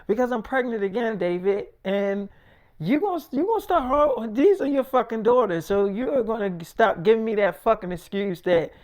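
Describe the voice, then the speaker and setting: A man voicing his wife, a young mother who scolds him in blunt, profane, repetitive bursts, a little lower and quieter than his own telling. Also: animated, moderate pace. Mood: scolding. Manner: cursing, insistent, repeats herself.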